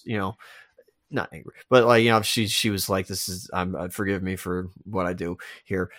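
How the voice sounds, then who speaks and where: A man's voice: on the low side, a bit bright, no room sound, studio quality. A man co-hosting a podcast, rambling and interrupting himself as he argues a point. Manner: rambling, self-interrupting, emphatic. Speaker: podcast co-host. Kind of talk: casual discussion.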